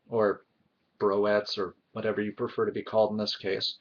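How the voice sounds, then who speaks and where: A man's voice: lowish voice, level tone, moderate pace. A man vlogger delivering a heated, indignant opinion rant to camera, emphatic and frustrated. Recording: dull lo-fi recording.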